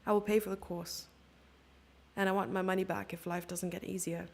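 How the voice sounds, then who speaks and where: A woman's voice: fairly low pitch, flat delivery, brisk, creaky, a little mellow. A woman from Germany giving casual, self-mocking live chess commentary, chatting with her viewers and thinking aloud over the moves.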